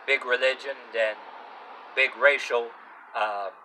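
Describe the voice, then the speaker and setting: A man vlogs a rambling, profanity-laced rant outdoors near a street. His voice is bright and forceful, and he keeps breaking off and starting his sentences over. Faint traffic hums in the background. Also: mid-range voice, fairly even intonation, takes it slowly, rough recording. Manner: rambling, swearing, many restarts and fillers. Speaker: vlogger. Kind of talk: casual opinion rant.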